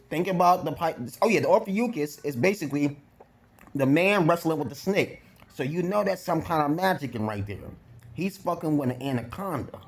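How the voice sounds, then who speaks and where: Blunt profane man from Brooklyn. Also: on the high side. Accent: New York. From Brooklyn, New York. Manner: blunt, profane, rambling asides; chewing gum while talking. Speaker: vlogger giving dating talk. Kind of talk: casual profane monologue to camera.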